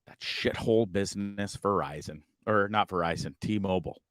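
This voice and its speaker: A man's voice: on the low side, no room sound. Male stream host, casual rambling chat, lots of swearing, stumbling restarts, dry close sound. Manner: rambling, frustrated, swears a lot, stumbles over words. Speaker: livestream show host. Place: campground, streaming over weak shared Wi-Fi.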